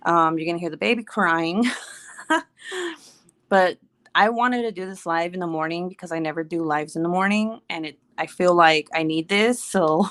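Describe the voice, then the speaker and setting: A woman's voice: fairly low pitch, moderate pace, fairly bright tone. A woman chatting casually on a home livestream, rambling and laughing often. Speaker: livestream host.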